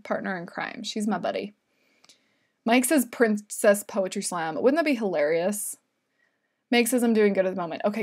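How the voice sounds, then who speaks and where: A woman hosting a casual livestream from home, chatting in a giggly way and reading viewer comments aloud. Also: medium pitch. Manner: chatty and giggly, with many fillers.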